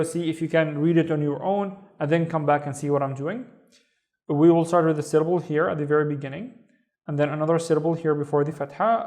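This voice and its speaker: Guy teaching beginners to read, kinda high voice, goes slow syllable by syllable. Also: darkish tone. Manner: patient, spells words out slowly syllable by syllable. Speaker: Arabic teacher. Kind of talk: beginner reading lesson.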